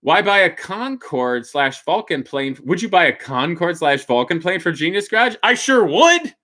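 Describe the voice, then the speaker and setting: A man with a bright, forceful voice, pitched a little high, hosts a casual live stream and answers viewer questions. He talks bluntly and jokes a lot, laughs often, and drops from loud bursts into muttered asides. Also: expressive, moderate pace.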